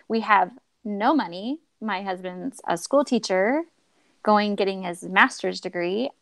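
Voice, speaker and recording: A woman's voice: mid-range voice, unhurried, no echo. Woman telling her story animatedly. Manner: animated, acts out quoted voices. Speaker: podcast guest. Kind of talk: personal storytelling.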